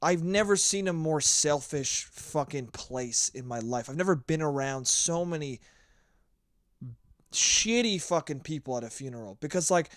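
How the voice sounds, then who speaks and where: Blunt, animated young man ranting solo. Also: on the high side, a little slow, no room sound, clean studio sound. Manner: blunt, profane, ranting storyteller. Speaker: podcast host. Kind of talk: solo podcast monologue.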